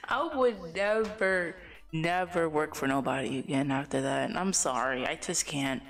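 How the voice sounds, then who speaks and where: A woman's voice: low-pitched, normal speed, gravelly, a bit bright. A young woman livestreamer telling a story in casual chat, rambling with lots of "like" and restarts and laughing often. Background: faint music.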